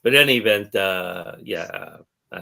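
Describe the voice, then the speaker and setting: Deep guy rambling on a livestream call. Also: expressive, moderate pace, gravelly, sharp tone. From Texas. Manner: rambling, storytelling. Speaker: livestream guest. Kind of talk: casual chat.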